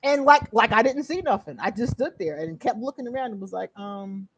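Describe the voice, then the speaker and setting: A woman hosting her own channel, casually telling a story straight to her viewers, animated, laughing often and swearing freely. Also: on the high side, fast talker, husky, dry recording, dull audio. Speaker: channel host.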